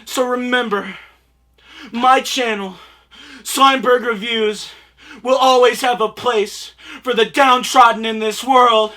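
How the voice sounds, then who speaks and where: Overwrought bright-voiced reviewer, tearful shouting. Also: mid-range voice, steady tone, takes it slowly. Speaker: reviewer hosting own channel. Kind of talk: comedic over-the-top product review.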